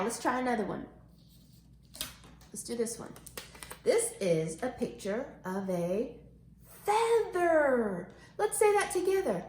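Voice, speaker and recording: A woman teaching a phonics lesson to young children, animated and sing-song, stretching words out slowly. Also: fairly high pitch, echoey room. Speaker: kindergarten teacher.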